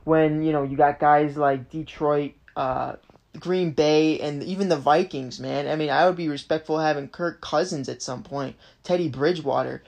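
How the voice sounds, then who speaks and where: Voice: medium pitch, steady tone, vocal fry, darkish tone. Young podcaster in a profanity-laced rant. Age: 20s. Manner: frustrated, swears constantly, rapid fan rant. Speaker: sports podcast host. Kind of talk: casual sports podcast rant.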